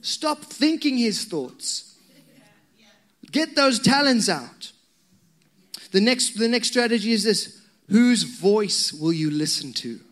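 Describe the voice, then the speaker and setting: A man's voice: sits high, takes it slowly, long pauses. A man preaching a sermon, telling personal stories with conversational asides to the congregation. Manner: animated storytelling, conversational asides to the crowd. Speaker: pastor.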